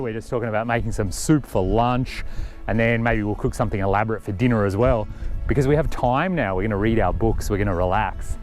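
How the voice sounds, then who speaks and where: A man's voice: lowish voice, brisk, a little mellow, soft background music. A man, chatting upbeat to camera outdoors as a travel vlogger, explaining things with enthusiasm. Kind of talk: casual vlog talk to camera. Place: outdoors at a campsite and a windy picnic table.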